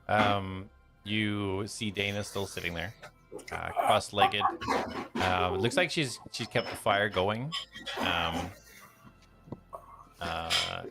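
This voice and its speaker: A man narrating a tabletop game as game master, relaxed, with many ums and uhs. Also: on the low side.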